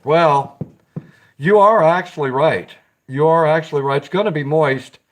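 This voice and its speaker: A man's voice: on the high side, unhurried. A man hosting a casual live stream, chatting with viewers, greeting them by name and giggling often.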